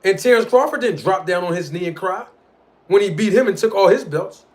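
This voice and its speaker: Animated, argumentative man streaming live. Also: high voice, brisk. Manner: animated, argumentative, addresses live chat directly; slangy street talk. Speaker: livestream host. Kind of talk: boxing commentary livestream.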